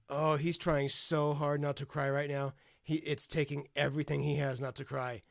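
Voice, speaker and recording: A man's voice: a little high, little pitch movement, moderate pace, creaky, no room sound, clean studio sound. A man streaming live, reacting to a video and mocking the people in it with gleeful, profane jabs.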